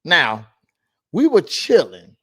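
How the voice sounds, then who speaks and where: A middle-aged man, co-hosting a casual podcast chat and telling stories with lively energy. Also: a little high, slow, slightly rough. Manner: animated storytelling, laughs while telling. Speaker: podcast co-host.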